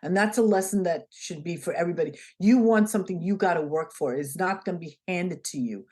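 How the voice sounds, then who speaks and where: Woman telling a lively story. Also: fairly low pitch, fast talker, slightly rough. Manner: animated, acts out the dialogue in her stories. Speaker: interview guest. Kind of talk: conversational storytelling.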